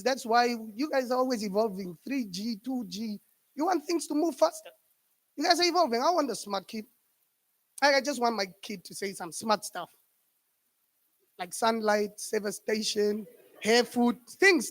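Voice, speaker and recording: A young man with a Namibian accent doing a stand-up comedy set, animated and laughing at his own jokes. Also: very high voice.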